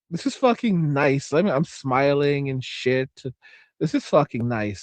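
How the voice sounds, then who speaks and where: A man's voice: medium pitch, big pitch swings, measured pace, no echo. A middle-aged man hosting a casual livestream, rambling, swearing a lot and repeating phrases while he reads viewer comments aloud. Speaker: livestream host reading chat. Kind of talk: casual profane livestream chat.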